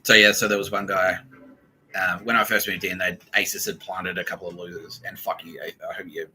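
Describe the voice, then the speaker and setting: Profane, agitated Australian man, low voice. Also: little pitch movement, a little fast, sharp tone, low-quality recording. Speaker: podcast host. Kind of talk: casual rambling monologue.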